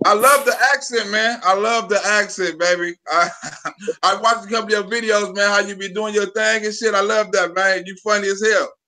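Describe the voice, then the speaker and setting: Bright, higher-voiced man hosting a stream. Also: fairly even intonation. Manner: loose, profane and hurried. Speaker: live-stream host. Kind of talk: casual live-stream interview.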